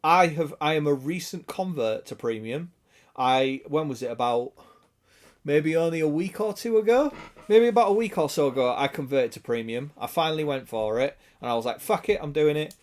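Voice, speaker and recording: A British man talking casually to his viewers on a gaming stream. His voice sits a little on the high side, and he rambles in a sweary, chuckling way. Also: animated, normal speed.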